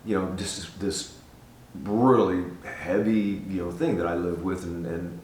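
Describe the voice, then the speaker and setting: An older man earnestly telling a personal testimony in a casual, animated way, often repeating words as he goes. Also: deep voice, measured pace, a little hiss or hum. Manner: earnest, animated storyteller who repeats himself. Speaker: guest giving a testimony. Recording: roomy sound from a distance.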